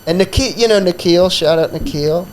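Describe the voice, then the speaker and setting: A man's voice: high voice, normal speed, a little hiss or hum, low-quality recording. A man who hosts a comedy podcast, telling a profane, rambling story in a casual chat full of fillers.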